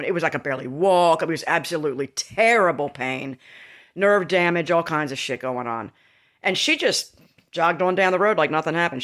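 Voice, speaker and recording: A woman's voice: sits low, fairly bright tone. A woman in her fifties telling a candid, rambling personal story to her viewers, with laughing asides. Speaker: vlogger. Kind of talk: casual storytelling to camera.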